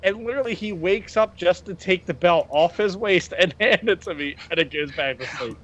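A man hosting a podcast, telling stories excitedly and laughing often in casual chat. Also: high voice, normal speed, muffled recording. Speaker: podcast host.

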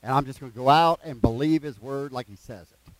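A man preaching a sermon in a folksy way, reading scripture slowly with plain asides and repeated phrases. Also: mid-range voice, low-quality recording.

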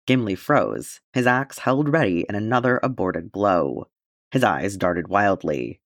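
A male audiobook reader with a low voice who narrates fan fiction with lively, expressive pitch. The recording is dry and close, with no room sound. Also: unhurried, no room sound.

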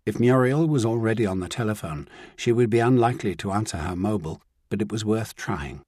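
Low, husky male audiobook narrator. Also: no room sound, clean studio sound. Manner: measured, even storytelling.

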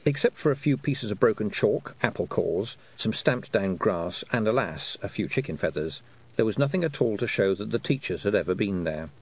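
A man narrating a children's fantasy audiobook, with an expressive storytelling delivery. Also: on the low side, normal speed, slightly rough, low-quality recording. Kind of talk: scripted narration.

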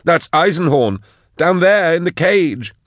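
A man voicing a desperate man shouting urgently to his wounded companion in an audiobook. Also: on the low side, sing-song, fairly quick, breathy edge, dry recording, clean studio sound, exaggerated voice.

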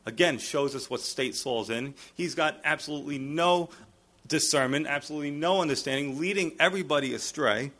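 A man's voice: a little high, a little fast. A male pastor preaching a verse-by-verse sermon in a conversational way, raising his voice to act out quoted speakers. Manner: animated, acts out quoted lines in a raised voice; conversational asides, fillers. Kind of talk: expository sermon.

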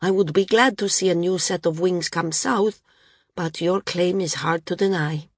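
A woman voicing a small, reluctant female judge who reasons calmly. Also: on the low side, moderate pace, no room sound, clean studio sound, lightly acted. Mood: reasoning.

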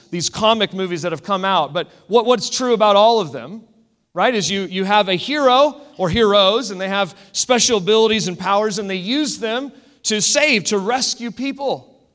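High-voiced man preaching in a hall. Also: moderate pace. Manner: animated storytelling, swings between loud and hushed. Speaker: pastor. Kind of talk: sermon. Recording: echoey hall.

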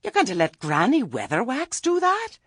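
Man voicing cheerful, sly old witch woman, husky, hearty, high-pitched storybook voice. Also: huge pitch swings, moderate pace, a bit bright, no echo, studio quality, full character voice. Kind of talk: audiobook character reading.

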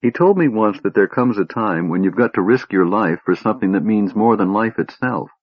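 A man voicing a young woman, speaking softly and earnestly to a friend. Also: lowish voice, lively intonation, fairly quick, no echo, muffled recording. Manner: soft, earnest pleading.

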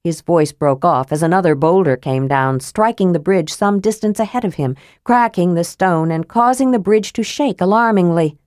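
Low-voiced woman narrating a fantasy. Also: normal speed, few pauses, darkish tone, no echo, studio quality. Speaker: audiobook narrator.

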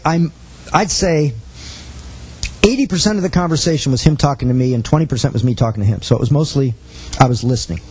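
A man's voice: on the high side, a little mellow, slightly rough, rough recording. A man giving an earnest teaching talk to a missions class, telling a personal story and quoting the dialogue.

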